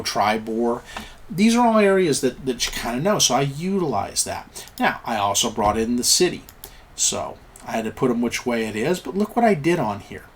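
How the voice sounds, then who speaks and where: A man's voice: medium pitch, a little hiss or hum. A man talking casually as a game master, thinking aloud and trailing off while he searches for words. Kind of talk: casual tips talk over game maps.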